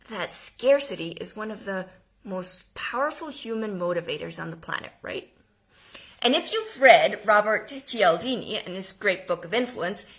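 A woman giving an energetic homeschooling lesson, speaking emphatically and now and then dropping to a whisper. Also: mid-range voice. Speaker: homeschooling teacher. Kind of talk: instructional talk.

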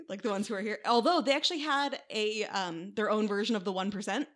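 A Midwestern American woman co-hosts a casual history podcast, telling history in a chatty way with wry asides. Her mid-range voice is a bit bright and her pace is quick.

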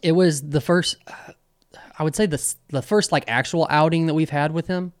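Young guy rambling on a podcast, smooth clear voice, dry close mic. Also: fairly high pitch, moderate pace, no room sound. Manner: rambling, many fillers and restarts. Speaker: podcast co-host. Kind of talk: casual chat.

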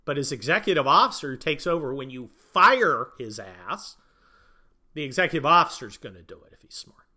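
Guy ranting casually, bright forceful voice, blunt and crude, goes loud then mumbly. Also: fairly high pitch, fairly quick. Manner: blunt, crude, joking asides; animated, swings from loud to muttered. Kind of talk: opinionated casual commentary.

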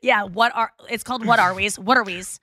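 A woman's voice: medium pitch, fairly quick, bright, forceful tone. A young woman from St. Louis hosting a casual podcast chat, rambling and laughing often. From St. Louis, USA. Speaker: podcast host.

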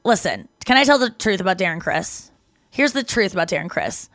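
A Canadian woman co-hosting a podcast, telling stories in casual chat with lots of "like" and quick self-corrections. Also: medium pitch, expressive, fairly bright tone, no room sound. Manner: chatty storytelling, heavy use of "like", quick self-corrections. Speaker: podcast co-host.

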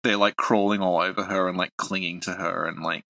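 A man's voice: low-pitched, steady tone, brisk, gravelly, sharp tone, dry recording. A man co-hosting a casual podcast about game lore, talking in a hesitant way with lots of fillers and restarts. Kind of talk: casual chat.

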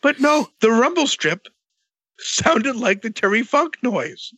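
A man telling a long story in a casual, animated way, swearing a lot and acting out both sides of the dialogue. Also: extremely high pitch, slow, dry recording, highs cut off.

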